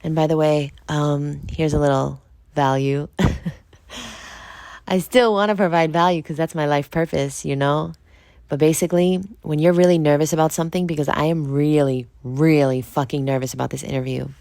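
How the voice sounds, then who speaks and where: Low-voiced woman, frank podcast monologue. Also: darkish tone, no echo, clean studio sound. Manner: frank and confessional, swears freely; conversational, asks listeners direct questions. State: just woke up. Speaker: podcast host. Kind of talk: candid solo monologue.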